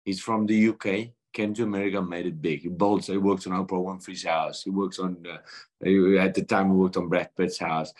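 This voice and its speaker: South african guy in his thirties, kinda low voice, telling a heartfelt story on a podcast, does all the voices himself. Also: normal speed. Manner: earnest, animated retelling with quoted dialogue. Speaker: guest boxer.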